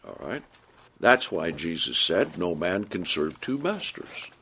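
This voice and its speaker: A man teaching a sermon, reading scripture aloud and explaining it, often checking in with the listeners and rising in pitch to stress points. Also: very animated, a little slow, bright, forceful tone, a little hiss or hum. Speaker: preacher.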